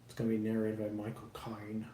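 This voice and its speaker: A man's voice: lowish voice, monotone, brisk, warm tone. A man live streaming while building a model kit, chatting casually with viewers in a rambling, self-deprecating way and swearing freely. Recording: roomy echo, faint background noise.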